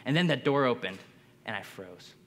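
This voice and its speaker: A young man giving a motivational keynote talk, telling a story with energetic bursts. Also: mid-range voice, moderate pace. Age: young adult. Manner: energetic, builds to bursts of excitement. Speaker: conference speaker. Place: large hall. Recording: long hall reverb.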